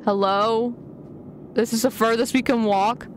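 A young woman streaming a game live, excitable and chatty with her viewers, often gasping and giggling. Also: fairly high pitch, measured pace, slight background noise. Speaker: gaming streamer. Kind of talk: live gameplay commentary.

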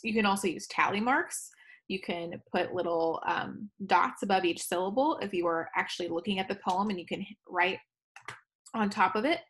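A woman's voice: medium pitch, moderate pace. A woman teacher talks through a recorded lesson in an easy, conversational tone. She stumbles now and then, corrects herself, and keeps going. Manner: chatty, self-correcting, laughs at own slips.

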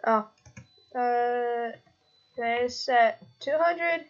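A high-voiced woman talks very slowly through a casual live stream, giggling and goofing around as she drags out a silly catchphrase. The audio is dull and lo-fi. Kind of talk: casual livestream chat.

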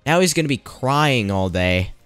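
A man's voice: mid-range voice, expressive, normal speed, a bit bright, clean tone, no room sound, faint music behind. A man giving casual let's-play commentary, thinking aloud and teasing the game's characters as he plays. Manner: thinking aloud while playing. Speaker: gameplayer narrating his playthrough.

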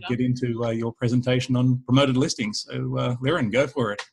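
A man's voice: mid-range voice, steady tone, brisk, vocal fry, a little mellow, a little hiss or hum. A man hosting a webinar in a friendly, casual way with some fillers, on a video-call mic. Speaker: webinar host.

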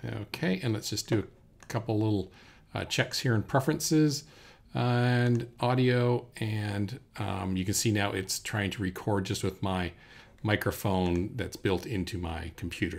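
A man teaching a software recording lesson at his computer, talking through each step in a relaxed way with fillers, into a desk microphone indoors. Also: on the low side, moderate pace, creaky. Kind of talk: screen-recorded software tutorial. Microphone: USB desk microphone.

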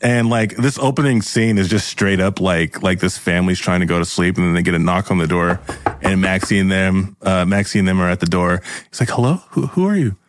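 A man's voice: deep voice, little pitch movement, a little fast, dry recording. A man running an improvised tabletop game on a podcast, rambling with fillers and laughing often. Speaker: game master.

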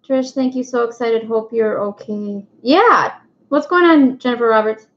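A woman's voice: on the high side, moderate pace. A woman hosting a casual live stream, chatting and greeting viewers one by one by name. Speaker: livestream host. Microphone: webcam mic. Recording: echoey room, dull lo-fi sound.

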